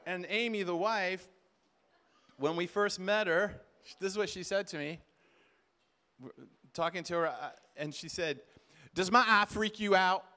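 A man speaking at a Christian conference, telling stories in an animated way and acting out conversations. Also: sits high, a little slow, long pauses. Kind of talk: storytelling sermon talk.

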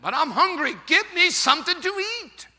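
A man doing a squealing baby eaglet, hungry and indignant, shouty childish complaints, big echoing church. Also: very high-pitched, very slow, exaggerated voice. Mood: whiny, indignant. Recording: long church reverb.

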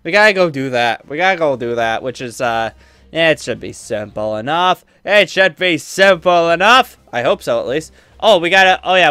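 Guy rambling thru a fighting game, bright voice, lots of ums and trash talk. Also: fairly high pitch, clear, resonant tone, no echo. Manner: excitable, trash-talks opponents while playing; rambling with many fillers. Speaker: gaming channel host. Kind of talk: let's play commentary.

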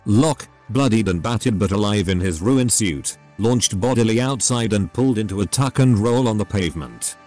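A synthetic male text-to-speech voice narrating a story with a steady, machine-read delivery. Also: on the low side, normal speed, few pauses, faint music behind.

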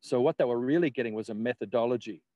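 A man talking as a guest in a loose, rambling way, peppered with laughs and swearing. His voice sits at an ordinary middle pitch. The sound is dry and close. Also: fast, dark tone, dry recording, highs cut off. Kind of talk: casual conversation.

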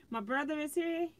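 A woman hosting a quilting livestream from home, chatting casually and greeting viewers by name as she reads their comments on a phone. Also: high-pitched. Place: indoors at home, fireworks outside.

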